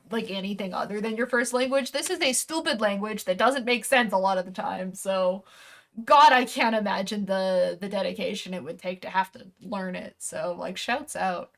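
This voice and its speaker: A woman streamer talks to her viewers while opening a package, in a loose, rambling chat. She restarts sentences, corrects herself as she goes, and swears offhandedly. Her voice sits at an ordinary mid-range pitch. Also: a bit bright. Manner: rambling, self-correcting, casually swearing, chuckling.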